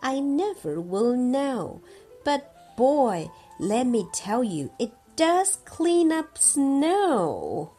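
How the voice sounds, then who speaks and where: Mother reading a storybook slowly and brightly. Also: sits high, breathy edge, soft background music. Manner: slow, lively reading with explanations in between. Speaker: mother reading to her child. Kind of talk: bilingual storybook read-aloud.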